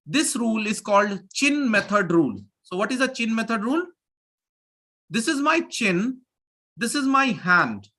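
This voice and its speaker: Lively teacher on a video call. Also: male voice, sits high. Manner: energetic, repeats phrases to drill students. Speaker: English pronunciation teacher. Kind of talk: live online class teaching.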